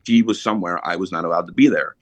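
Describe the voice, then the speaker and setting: A man's voice: sits low, very fast, no echo, lo-fi sound. A middle-aged man, a podcast guest, telling a blunt, profane, emotional story about his recovery in a casual way.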